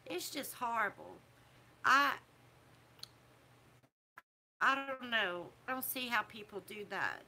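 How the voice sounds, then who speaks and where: Middle-aged woman vlogger, slightly high voice, preachy and disapproving. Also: expressive, bright, forceful tone. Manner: disapproving, preachy, drawn-out emphatic phrasing. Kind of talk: casual opinion talk to camera.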